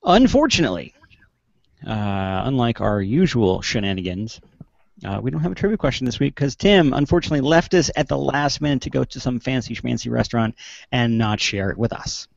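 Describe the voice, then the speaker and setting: A man's voice: medium pitch, big pitch swings, fairly quick, vocal fry, dry recording, muffled recording. A man hosting a casual online panel show from a video call, joking and mocking himself as he introduces the crew. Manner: joking, self-mocking, playful.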